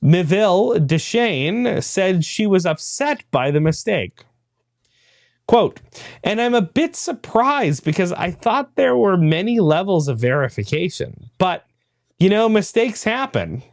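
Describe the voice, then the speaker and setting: A man's voice: high-pitched, big pitch swings, measured pace, dry recording. A man hosting a podcast, reading a news article aloud and breaking off for dry, laughing asides. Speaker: podcast host.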